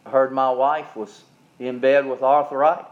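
A man's voice: medium pitch, flat delivery, unhurried, voice pushed down, lightly acted. A preacher doing a plainspoken old mountain man. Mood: complaining. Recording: dull lo-fi recording.

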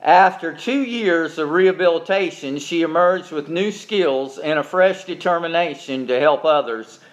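High-voiced, folksy preacher man. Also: moderate pace. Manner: folksy, emphatic preaching with repeated asides. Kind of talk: sermon. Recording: dull lo-fi recording.

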